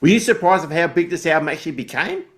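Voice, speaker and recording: A man's voice: on the high side, expressive, fast talker, fairly bright tone. A man hosting a music interview, enthusiastic and repeating himself as he sets up questions. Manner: enthusiastic, repetitive. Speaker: host.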